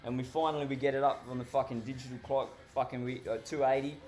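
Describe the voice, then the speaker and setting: A man's voice: mid-range voice, level tone, fast, a little mellow, faint music behind. Foul-mouthed Australian man spinning a yarn. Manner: heavily profane, rambling, laughs while telling. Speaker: storyteller. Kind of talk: casual anecdote telling.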